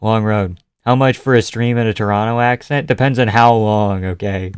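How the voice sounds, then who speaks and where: A man's voice: mid-range voice, fairly even intonation, a little fast, smooth, no room sound, studio quality. Chatty profane man streaming fight reactions. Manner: loose, profane, chatty, greets chat by name. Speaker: streamer watching fights live. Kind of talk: casual live-stream commentary.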